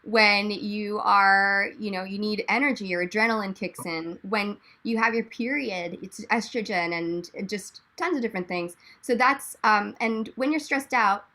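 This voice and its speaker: Bright, animated woman panelist. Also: mid-range voice, unhurried, hardly any pauses. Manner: animated, rambling, jokey asides. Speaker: panelist, drink company founder. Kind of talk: casual explanatory chat.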